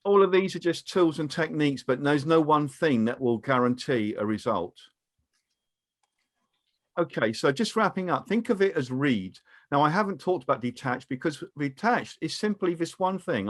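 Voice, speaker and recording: British guy calmly presenting a webinar, advice-giving, video call sound. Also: a little high. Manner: calm, advising, measured. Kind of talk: training webinar talk.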